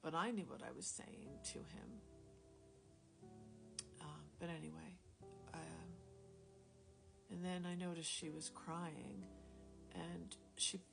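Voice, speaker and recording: A woman telling a personal faith story in a casual, rambling, self-deprecating way, dropping into quiet whispers at times, recorded on a phone. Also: fairly low pitch, steady tone, takes it slowly, pauses often. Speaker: Christian storyteller sharing a testimony. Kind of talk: casual spoken testimony. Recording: music playing clearly behind the voice.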